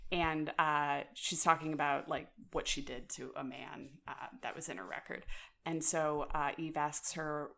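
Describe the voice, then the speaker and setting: A young woman co-hosting a podcast in casual chat, animated and quick to laugh, with lots of fillers. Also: low-pitched, gravelly. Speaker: podcast co-host.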